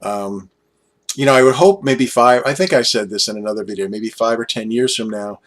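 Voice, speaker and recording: Older male vlogger, 60s, lower-pitched, casual rambling delivery full of restarts, slightly worn out. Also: a little fast. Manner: chatty, self-deprecating, trailing off and restarting. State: tired after a late night. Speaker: YouTube vlogger.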